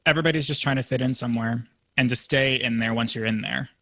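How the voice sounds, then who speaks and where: A man is a guest on a casual podcast, reflecting thoughtfully with plenty of fillers. His voice is bright and forceful at a middle pitch, recorded dry and close. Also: fairly even intonation, quick pace, no room sound. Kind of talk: casual conversational chat.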